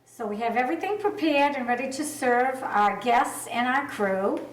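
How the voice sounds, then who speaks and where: A woman's voice: high voice, expressive, moderate pace, reverberant, far from the mic, a little hiss or hum, low-quality recording. A woman co-hosting a casual cooking demonstration, explaining each step plainly. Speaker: cooking show co-host.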